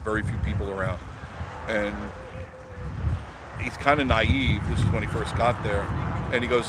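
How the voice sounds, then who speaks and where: A man's voice: on the low side, steady tone, normal speed, long pauses. A man hosting a casual live stream, telling rambling stories, chuckling and answering viewer comments. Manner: rambling storyteller, chuckles often. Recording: audible background noise.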